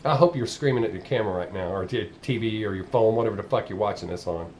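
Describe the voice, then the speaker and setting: A man's voice: fairly low pitch, fast, a little mellow, a little hiss or hum. A man with a Southern US accent, ranting bluntly and profanely in a casual vlog monologue. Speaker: vlogger.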